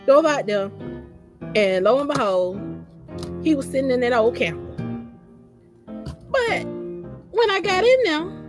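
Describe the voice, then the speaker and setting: A woman recounting her own story in casual conversation, repeating phrases and quoting herself. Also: on the high side. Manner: animated, repeats phrases, quotes herself in dialogue.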